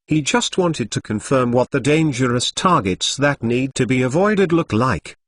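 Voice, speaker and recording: Computer-read storybook, male voice, flat and steady, super dry close sound. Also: medium pitch, dry recording. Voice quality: flat text-to-speech reading, reads punctuation aloud. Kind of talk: audiobook narration of fan fiction.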